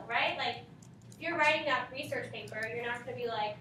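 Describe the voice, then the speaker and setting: High-voiced teacher in an echoey room. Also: female voice, a little fast, sharp tone, slight background noise. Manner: questioning, prompting students. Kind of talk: classroom teaching. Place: classroom. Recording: echoey classroom from far off.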